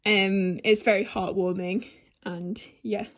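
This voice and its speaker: A woman's voice: mid-range voice, fairly even intonation, slow pace, fairly bright tone. Young woman, from England, chatty and rambling, lots of ums, casual bookshelf tour. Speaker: book vlogger. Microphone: handheld camera.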